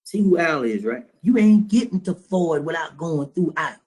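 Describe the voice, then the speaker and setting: High-voiced streetwise man telling a story. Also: lively intonation, normal speed, darkish tone. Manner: streetwise, blunt, profane, quotes both sides of a phone call. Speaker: trading class instructor. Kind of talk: storytelling lecture to students.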